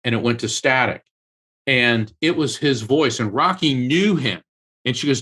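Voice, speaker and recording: A man guesting on an interview, speaking at a middle pitch. He tells a personal story in an earnest, emotional way, slowing down and speeding up as the feeling takes him. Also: pushed and bright, slightly rough. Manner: earnest, emotional storyteller who acts out quoted voices. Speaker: medium and author, guest.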